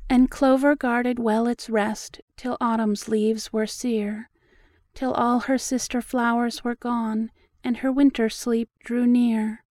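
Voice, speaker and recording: Woman narrator reading a poem, slow and steady, fairly high voice, dry close sound. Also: no room sound. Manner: slow, even, measured recital. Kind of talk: reading a story poem aloud.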